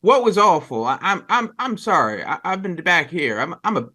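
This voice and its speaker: A man's voice: sits high, very animated, bright, forceful tone, pitched above the performer's own voice, full character voice. A man playing a worried, stammering dad. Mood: concerned. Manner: halting, stammering. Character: worried father on a train, cautious.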